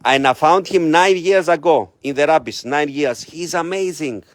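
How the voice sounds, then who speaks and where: A man's voice: on the high side, moderate pace, no room sound, studio quality. A middle-aged man with a Greek accent, running an animal shelter, who talks to the camera in simple, slightly broken English and coaxes his dogs by name. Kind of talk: casual vlog talking to camera and dogs.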